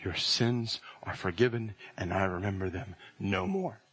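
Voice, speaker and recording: A man preaching a sermon, telling stories and citing scripture, slowing and rising to intense emphasis on key phrases. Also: low voice, a bit bright, slightly rough. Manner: illustrates with stories and scripture references.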